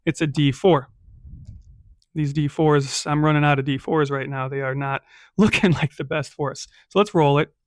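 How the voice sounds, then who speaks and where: A man running a solo tabletop game, narrating and rolling dice in a casual, chatty way. His voice sits fairly high for a man. The recording is dry and close, with no room sound. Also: fairly even intonation, moderate pace, no echo. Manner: casual, with frequent "right?" and "um". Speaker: game master.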